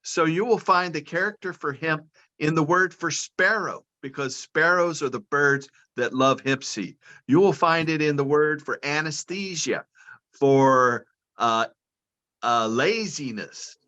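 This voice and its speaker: Brief: male interview guest on a video call, bright tone, dull muffled sound, explains step by step. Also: fairly high pitch, unhurried. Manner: patient, lecturing, explains step by step. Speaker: guest, cannabis and hemp advocate.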